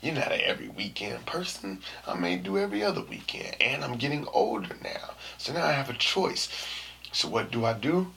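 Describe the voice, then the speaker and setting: A young man telling a story to camera in a casual, slangy way, dropping to hushed asides and rising to shouts. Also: medium pitch, very animated, brisk, gravelly, a little hiss or hum. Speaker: vlogger.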